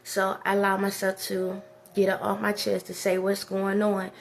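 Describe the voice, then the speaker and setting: A woman's voice: medium pitch, monotone, moderate pace, creaky, slight background noise. A woman talking casually in a personal vlog, rambling and preachy. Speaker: vlogger.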